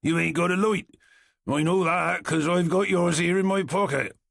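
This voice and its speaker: A man voicing a male criminal with a rasping voice, teasing his partner in rough slang. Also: high-pitched, moderate pace, fairly bright tone, no echo, clean studio sound, voice pushed up, exaggerated voice.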